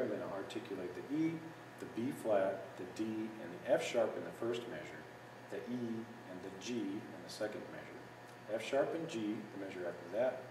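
A man giving a patient, step-by-step music lesson, sometimes singing phrases in scat syllables. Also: fairly low pitch. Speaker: music teacher. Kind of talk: instructional walkthrough. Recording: echoey room from a distance with noise.

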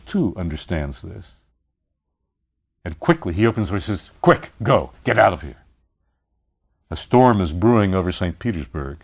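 An older man giving a university literature lecture, retelling a story with animated emphasis. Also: on the low side.

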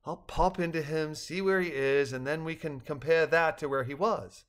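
A genteel, sensitive balloon creature, put on by an older man in a storybook reading, speaking in a formal, courteous way and pitched a little higher than an ordinary speaking voice. Its careful politeness colors every phrase. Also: lively intonation, moderate pace, fairly bright tone. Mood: gently formal.

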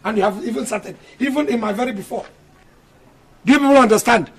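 A man playing a stern, exasperated Nigerian husband who lectures his quarrelling wives. His voice sits high for a man and has a husky edge. He sounds firm and scolding, like a film drama. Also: fast, exaggerated voice. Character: stern polygamous husband, middle-aged, exasperated.

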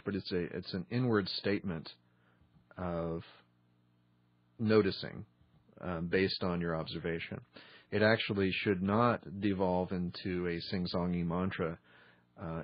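A man teaching meditation on a podcast in a measured way, pausing often with ums. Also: deep voice, dry recording, muffled recording. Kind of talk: instructional podcast talk.

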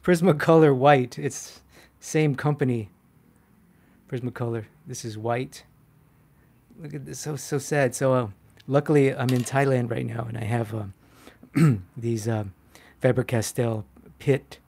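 A man's voice: mid-range voice, unhurried, creaky, husky. Chatty man teaching drawing live. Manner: chatty, self-mocking, animated with frequent fillers. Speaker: art instructor. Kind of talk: live-stream drawing demo, answering chat.

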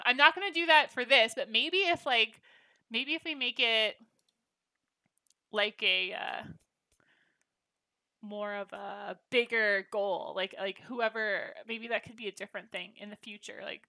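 A woman's voice: on the high side, bright, forceful tone, no echo. A woman hosting a gaming livestream, chatting casually and bubbly with her viewers. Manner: bubbly, chatty, reacting to chat.

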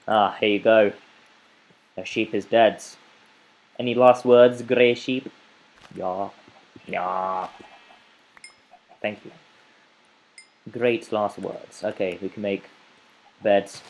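A man hosts his own gaming video, narrating a survival game in a slow, drawn-out way. His voice sits a little low, and he rambles playfully and talks to the creatures on screen. A faint background noise runs under the recording. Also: darkish tone, low-quality recording. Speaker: gaming channel host. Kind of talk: let's play game commentary.

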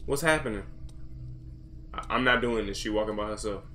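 A man's voice: lowish voice, fairly quick, bright, forceful tone, a little hiss or hum. A young man giving panicky, jumpy commentary as he plays a horror game. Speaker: gamer. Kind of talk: horror let's-play commentary.

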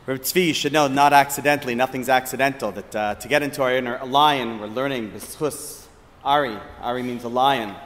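A man giving a reflective sermon as a rabbi, measured and thoughtful, posing questions. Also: medium pitch, fairly bright tone, long reverb tail. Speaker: rabbi giving a short lecture.

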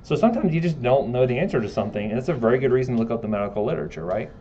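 A man's voice: mid-range voice, animated, racing, mellow, dull audio, slight background noise. A man giving a casual classroom lecture, joking and asking his students questions.

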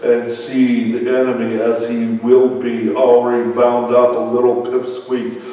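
A man's voice: medium pitch, monotone, measured pace, warm tone. A man preaching a sermon as pastor, telling a story with laughs and repeated words. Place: church hall. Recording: echoey hall, mic far off.

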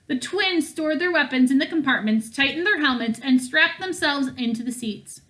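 A woman reading a novel aloud in a steady manner, with small slips and restarts along the way. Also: sits high, normal speed. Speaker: audiobook reader.

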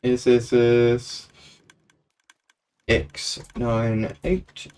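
A man's voice: mid-range voice, flat delivery, extremely slow, a little mellow, a little hiss or hum. A young man chatting casually while live-streaming a game, laughing often and breaking into playful auctioneer calls. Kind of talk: live gameplay stream commentary.

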